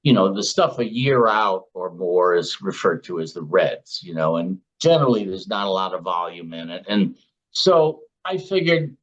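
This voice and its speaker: The recording is muffled as a Chicago man in his sixties, once a floor trader, tells stories in a chatty interview. He acts out the lines of the people in them, and his own, in a deep, expressive voice at a moderate pace.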